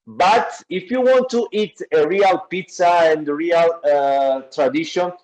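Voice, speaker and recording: A man from Naples with a strong Italian accent, speaking as a guest in an online class and explaining pictures haltingly, with many filler sounds. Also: a little high, darkish tone, low-quality recording. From Naples, southern Italy.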